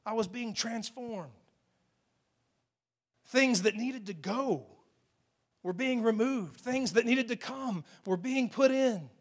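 A man's voice: very high-pitched, slow pace, pauses often. A man preaching a sermon into a microphone, talking in a conversational, emphatic way and putting questions to his listeners. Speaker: pastor.

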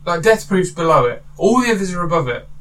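A man hosting a casual film chat with friends, animated and swearing freely. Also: sits high, fast talker. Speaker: podcast host. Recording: distant mic with faint room noise.

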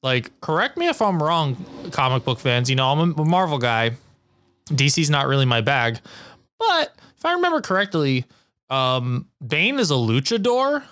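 Dude on a podcast mic, jokey and swears a lot, swings up high when he gets going, dry close sound. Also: normal speed, no echo. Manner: animated, profane, jokey. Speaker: podcast co-host. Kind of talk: casual chat.

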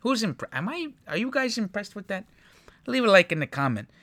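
A man breaking down football highlights in a casual, profane, exasperated rant. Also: very animated, fairly quick, pushed and bright, no echo, studio quality. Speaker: sports commentator reacting to highlights.

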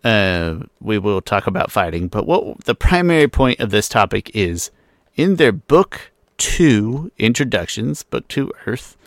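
A man hosting a casual podcast chat, chatty and quick with asides as he introduces the show. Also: on the low side, sing-song, no echo, studio quality. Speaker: podcast host.

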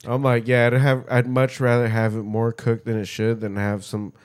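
A man's voice: mid-range voice, monotone, normal speed. A man co-hosting a podcast, telling stories in casual, profane chat and mocking people's voices. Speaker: podcast co-host.

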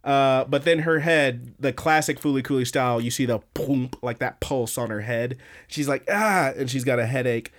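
A man in the middle of an easygoing podcast recap, talking at an average pitch and pace. He rambles through the episode, swearing freely and stopping often to restart his sentences. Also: steady tone, normal speed, hardly any pauses. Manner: rambling, profane, lots of fillers and restarts. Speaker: podcast host. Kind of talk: casual anime episode recap.

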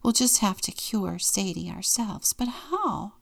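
A woman's voice: medium pitch, expressive, unhurried, creaky. A woman reading aloud and voicing a worried but fiercely loving mother, earnest and motherly.

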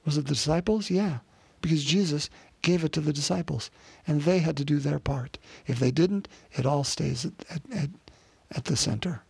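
Gravelly-voiced man preaching a sermon. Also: on the high side, normal speed, a little mellow, no room sound. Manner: earnest preaching with repeated restarts and rhetorical questions.

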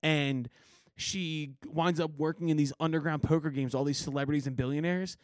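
A man's voice: on the high side, fairly even intonation, normal speed, no room sound. A man hosting a podcast, chatting in a rambling, laughing way and swearing casually. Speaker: podcast host. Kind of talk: casual chat.

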